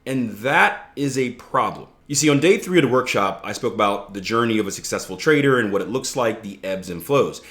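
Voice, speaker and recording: A man hosting a trading podcast, explaining ideas in a relaxed, conversational way with playful asides and frequent "right?" checks to the listener. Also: medium pitch, brisk, hardly any pauses. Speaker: trading coach and podcast host. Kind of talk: casual instructional podcast talk.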